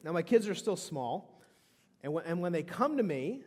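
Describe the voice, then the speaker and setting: Man in his thirties, pastor delivering an emphatic sermon; higher voice, big reverberant church hall. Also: very animated, moderate pace, darkish tone. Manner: emphatic preaching with frequent restarts. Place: church sanctuary.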